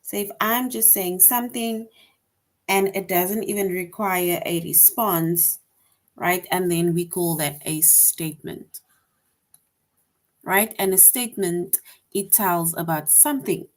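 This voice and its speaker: A woman's voice: lowish voice, steady tone, slow. A woman teaching a grammar lesson to young children, patient and repetitive, often checking with "right?".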